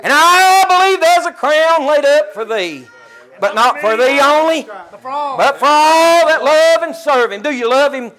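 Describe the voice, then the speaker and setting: A man's voice: extremely high pitch, animated, unhurried, bright, forceful tone, rough recording. An older man preaching an impassioned country church sermon, full of stumbling fillers. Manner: impassioned and tearful, with many uh fillers.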